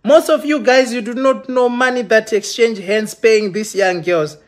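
A man's voice: high voice, unhurried. A man live-streaming an impassioned, accusatory rant to his viewers, stumbling and restarting often. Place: London.

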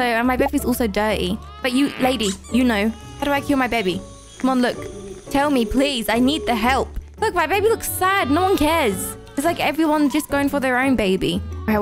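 A young woman narrating a game she plays, flustered and rapid, jumping up high when she panics and putting on fake crying. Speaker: gaming YouTuber. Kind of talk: let's-play commentary. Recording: game music playing behind.

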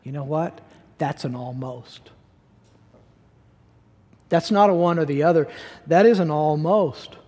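A male pastor delivers a sermon in a noticeably high voice, pressing his points home by repeating key words. His talk is emphatic yet conversational, with plain asides to the congregation. The sound carries the long reverb of a church hall. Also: normal speed, dark tone.

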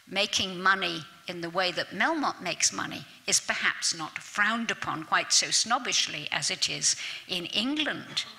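A woman giving a literature lecture at a summer school, chatty and lively, with asides to her audience and little self-mocking remarks. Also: mid-range voice. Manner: self-deprecating, laughs at herself.

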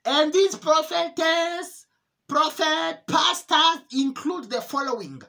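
Earnest high-voiced woman giving testimony. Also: gravelly, pushed and bright. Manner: earnest, repetitive, halting. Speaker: testimony preacher. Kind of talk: emotional religious testimony.

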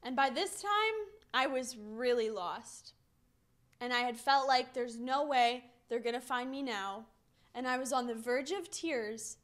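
A young woman giving a children's message, telling stories to kids in an animated, playful way. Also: on the high side, measured pace. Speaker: children's minister.

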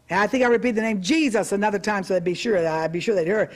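A woman preacher recounts a story from the pulpit in an emphatic, storytelling way. She drops in humorous asides and rises into loud, forceful commands when she quotes herself. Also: medium pitch, fast talker, few pauses. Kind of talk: preaching testimony.

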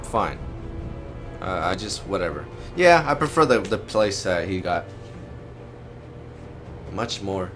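A man giving live gameplay commentary, excitable and teasing, with sudden yelps and laughs. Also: low voice, takes it slowly, long pauses. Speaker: gaming video host. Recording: game music behind the voice.

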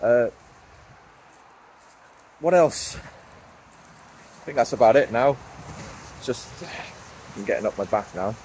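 A man's voice: mid-range voice, animated, takes it slowly, long pauses, a little mellow, a little hiss or hum, poor audio. A man, a woodland owner venting in a vlog, worked up and repeating himself as he talks outdoors. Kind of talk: vlog rant. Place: outdoors in woodland, later driving.

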